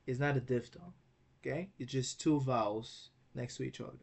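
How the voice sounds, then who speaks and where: A man teaching a recorded language lesson who spells words out slowly and patiently, often checking in with "okay?". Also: mid-range voice. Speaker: Greek teacher.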